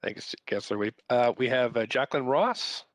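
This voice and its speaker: A man chairing a council meeting, calling speakers politely and briskly, with frequent fillers. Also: mid-range voice, no echo.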